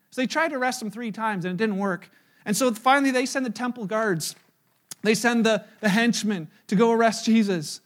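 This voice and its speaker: A man preaching a sermon, retelling a story and acting out the quotes in lively voices, sometimes dropping to a hushed tone. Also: sits high. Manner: animated storyteller, voices crowd quotes, drops to hushed tones. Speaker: pastor. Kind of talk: sermon with acted-out dialogue.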